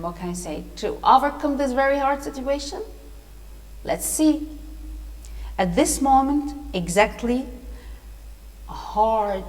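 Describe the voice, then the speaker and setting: A woman's voice: medium pitch, a little mellow. A woman English teacher reading a story aloud, explaining words and asking her listeners questions. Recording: echoey room.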